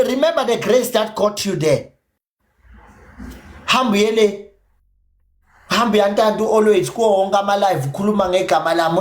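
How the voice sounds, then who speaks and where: A South African livestream host with a Zulu accent rants in a heated, combative and profane manner, switching between English and Zulu. His voice sits high.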